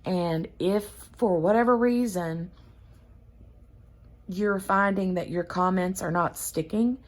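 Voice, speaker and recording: A woman's voice: medium pitch, takes it slowly. A woman hosting a craft channel, chatting casually and rambling with lots of fillers. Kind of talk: casual chat.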